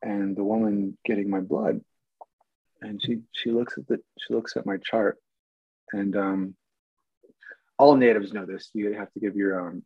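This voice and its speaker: A man with a gravelly, slightly husky voice tells stories in a loose, rambling way, often stopping to restart his sentences. He sounds amused by his own anecdotes. The recording is dry and a little dull. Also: lowish voice, no echo. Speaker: actor guest. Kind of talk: casual storytelling.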